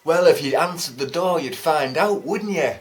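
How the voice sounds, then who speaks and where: A man's voice: a little high, moderate pace, lightly acted. A man voicing an annoying man on a bus who keeps telling corny jokes, cheeky and pleased with himself. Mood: smug.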